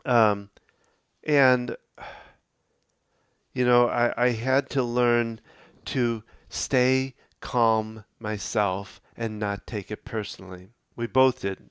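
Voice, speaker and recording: Man, middle-aged, podcast host, earnest, halting, restarts often, smooth clear voice. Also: mid-range voice, fairly even intonation, dry recording. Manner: halting, with frequent restarts and fillers; earnest, advice-giving. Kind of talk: reflective podcast talk.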